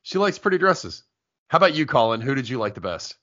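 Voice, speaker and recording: A man's voice: mid-range voice, quick pace. A middle-aged man hosting a casual movie talk podcast. He tells long, talkative stories. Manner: talkative, animated storyteller. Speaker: podcast host. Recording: dull lo-fi sound.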